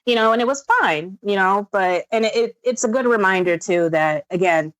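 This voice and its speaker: A woman in her thirties, a guest on a podcast, talks through family life in a relaxed, chatty way. She pads her sentences with fillers and laughs easily. Her voice sits at an ordinary pitch and sounds close and dry, with no room around it. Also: normal speed, no echo. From upstate New York. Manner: warm storytelling with frequent laughs and fillers. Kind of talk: casual chat.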